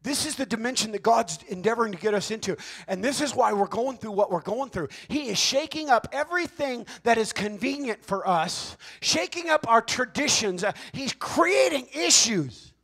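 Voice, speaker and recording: A man with a notably high voice preaches a Pentecostal sermon. He talks to the congregation in a folksy, joking way and swings from quiet asides to loud, emphatic shouting. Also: lively intonation, moderate pace, few pauses, breathy edge. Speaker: pastor.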